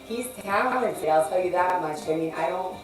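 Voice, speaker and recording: A woman guest, a musician, chatting casually with a deep, throaty voice, rambling and restarting, swearing freely. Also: lively intonation, moderate pace, reverberant, far from the mic, faint music behind, low-quality recording. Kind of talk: casual chat.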